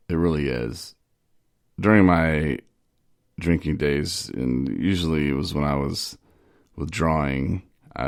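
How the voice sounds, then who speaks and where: Super deep gravelly guy just talking, rambling story, dry mic. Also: dry recording. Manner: candid, rambling, with filler "you know". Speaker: podcast host in recovery. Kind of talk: personal storytelling monologue.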